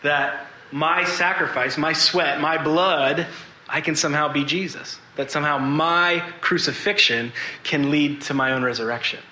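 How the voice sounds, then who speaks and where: A man preaching a sermon to a congregation, earnest and confessional, pausing to ask them questions. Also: a little high, pushed and bright, roomy sound, slight background noise, low-quality recording.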